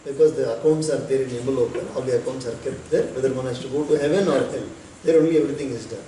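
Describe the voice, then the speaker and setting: A man, a spiritual teacher telling a devotional story in an unhurried way, with pauses and bits of chanting. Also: medium pitch, dark tone. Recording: echoey hall, distant mic, faint noise.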